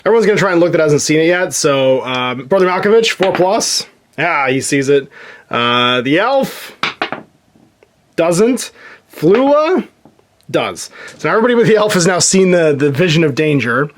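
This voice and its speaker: Guy talking thru his board game turn, kinda high voice, lots of ups and downs, counting squares out loud. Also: normal speed, a little hiss or hum. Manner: lively, counting moves aloud, chuckling to himself. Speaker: host playing a solo board game. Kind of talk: casual game commentary.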